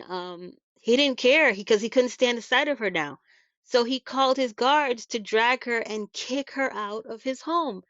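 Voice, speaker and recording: A woman's voice: a little high, a bit bright, dry recording, lo-fi sound. A woman host retelling a story in a casual, chatty way, emphatic and full of rhetorical asides. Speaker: video host.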